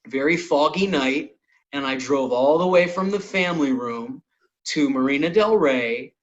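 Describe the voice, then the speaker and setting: On a muffled recording, a mid-range male voice belongs to a podcast host and comedian. He tells a lengthy comic story with lots of cursing, keeping the talk casual and animated.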